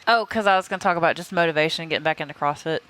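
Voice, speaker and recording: A woman in casual podcast chat, lively and chatty about workouts and races. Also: low-pitched, racing, a little hiss or hum, poor audio.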